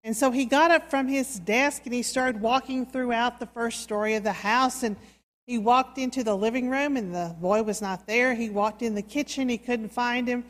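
A woman preacher tells a sermon story slowly and softly, with dramatic pauses. Her voice sits fairly high, and it rings with the long reverb of a church. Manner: slow, soft, dramatic storytelling. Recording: reverberant hall.

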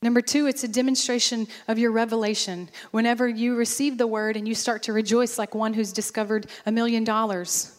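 A woman pastor preaching a sermon, animated and lively, acting out bursts of praise as she goes. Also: fairly high pitch, brisk, hardly any pauses, long reverb tail.

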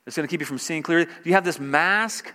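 A man's voice: fairly high pitch, fast, pushed and bright, big-room sound. A man preaching a sermon, pressing each point with rising emphasis and repeated phrases. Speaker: pastor.

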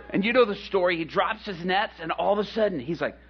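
A man preaching a sermon, retelling a Bible story in an animated, dramatic way, on a dull lo-fi recording. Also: high voice, fast talker, hardly any pauses.

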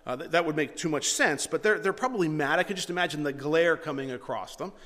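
A man preaching in a church hall, his voice pitched a little high and carried by a long reverb. He reads scripture quietly, then breaks into loud, animated, mocking asides. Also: fast talker. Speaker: pastor. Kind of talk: sermon.

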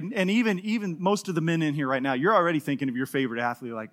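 A middle-aged male pastor with a high, bright voice delivers a sermon to his congregation. He tells lively stories with a joking edge, swinging his pitch up when he acts out other characters. The tone is animated and conversational. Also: fast, few pauses. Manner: animated storytelling with playful humor, acting out quotes. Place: church in front of a live congregation.

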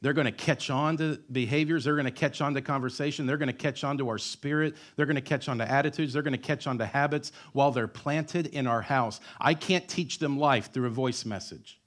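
A male pastor in his thirties preaches in a church with a middle-pitched voice. He drives his points home with emphatic repetition and slips in joking asides. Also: fairly quick, few pauses, a bit bright. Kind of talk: sermon.

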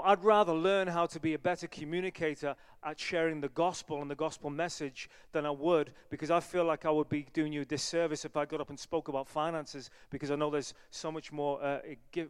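A man's voice: fairly high pitch, clear, resonant tone, big-room sound. A man preaching a sermon as an evangelist, conversational and earnest, with many fillers. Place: church.

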